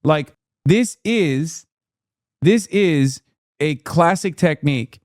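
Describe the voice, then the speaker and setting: A man's voice: a little high, animated, slow, a little mellow, no room sound, clean studio sound. A man giving blunt, profane, exasperated commentary on a live-stream reaction show. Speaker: political commentator.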